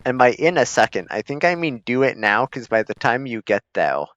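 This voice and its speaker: A man's voice: medium pitch, very animated, a little fast, a bit bright, no room sound. A man giving laid-back, chuckling, self-deprecating commentary as he plays a strategy game. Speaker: gaming streamer. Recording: slightly dull lo-fi recording.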